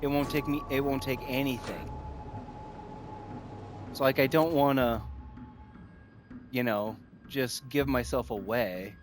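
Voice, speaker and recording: A man hosting a gaming video in casual commentary, thinking aloud and breaking into repeated excited exclamations. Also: medium pitch, slow, long pauses. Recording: faint music behind the voice.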